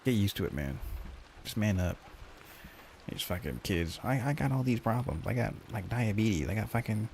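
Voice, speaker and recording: A man's voice: fairly low pitch, lively intonation, moderate pace, creaky, a little mellow, a little hiss or hum. A male streamer in casual chat with viewers, ranting and joking in a profane, mock-grumpy way.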